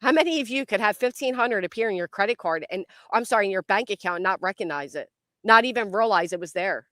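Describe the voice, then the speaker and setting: A woman's voice: mid-range voice, animated, fast, a bit bright, no room sound, studio quality. A woman hosting a casual commentary livestream outdoors by a tree, jumpy and swearing a lot as she talks to her chat.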